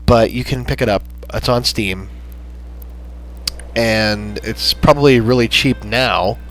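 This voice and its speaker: A man hosting a gaming channel, chatting in a rambling, halting way with lots of fillers as he wraps up a playthrough. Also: lowish voice, slight background noise, low-quality recording. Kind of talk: casual gameplay commentary. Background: soft background music.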